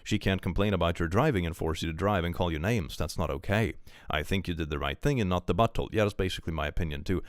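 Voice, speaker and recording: A man with a very low voice chats his way through reactions on a live stream. He rambles, reads posts aloud and laughs often, and the sound is dry and close to the mic with no room echo. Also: fast. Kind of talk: casual live-stream commentary.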